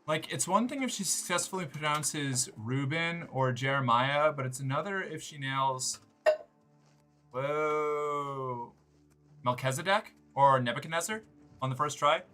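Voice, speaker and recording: Male streamer, bright voice, lively pitch, rambling and cursing, faint music behind. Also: normal speed. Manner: animated, rambling and profane. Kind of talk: live gameplay streaming chat.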